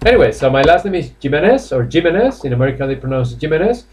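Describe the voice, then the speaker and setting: A man's voice: fairly high pitch, sing-song, racing, darkish tone. A man from Spain teaching English live online in a Spanish accent, chatty and coaxing, with lots of fillers and laughs. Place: classroom or office indoors.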